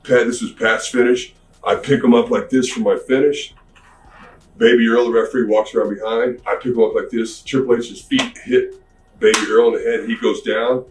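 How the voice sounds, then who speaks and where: A man casually telling an anecdote as a podcast guest, slangy and animated, recorded from a distance in an echoey room. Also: mid-range voice, normal speed. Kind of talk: storytelling anecdote.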